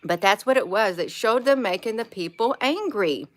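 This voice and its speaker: Out in her yard, a woman livestreams casual chat, greeting viewers by name as she wanders off topic and loses her train of thought. Her voice runs on the high side, with lively intonation and a moderate pace.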